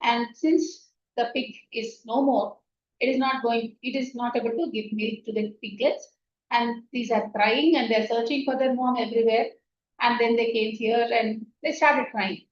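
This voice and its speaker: In a fairly high, steady voice, a woman teaching meditation shares a spiritual story at an unhurried pace, frequently asking "right?" She sounds distant and echoey, captured on a dull, lo-fi recording.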